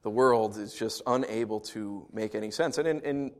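A male pastor preaching a sermon, telling lively stories with frequent restarts and rising excitement. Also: moderate pace. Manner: animated storytelling, rising pitch and volume in anecdotes, frequent restarts.

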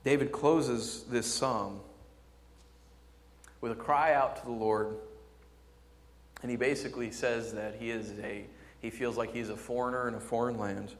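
A man preaching a sermon, jumping from loud, excited exclamations to quiet, low emphasis. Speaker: pastor. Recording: long hall reverb.

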